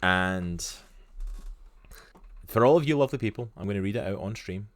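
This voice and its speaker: Deep-voiced Scottish man chatting on stream. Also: lively intonation, moderate pace. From Scotland. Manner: chatty and enthusiastic, with lots of "literally" and "like". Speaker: stream co-host. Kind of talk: casual chat on a live stream.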